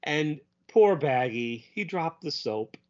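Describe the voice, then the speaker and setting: A man co-hosting a casual podcast, lively and laughing often, quoting characters in goofy voices. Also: a little high, slow pace. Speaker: podcast co-host. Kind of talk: casual chat. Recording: dull lo-fi audio.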